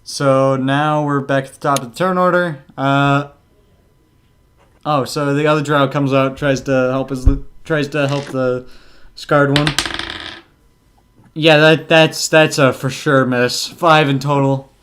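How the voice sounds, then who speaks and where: A man acting as game master in a tabletop role-playing session, unhurried and full of filler words. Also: medium pitch, fairly even intonation, a bit bright, slight background noise.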